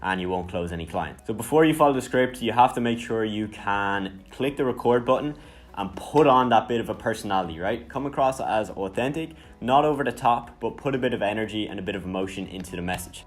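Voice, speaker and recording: A man in his twenties, from Ireland, giving a casual, energetic marketing lesson and often asking "right?". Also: on the low side, fairly quick, soft background music. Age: 20s. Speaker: marketing coach. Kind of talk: casual instructional talk.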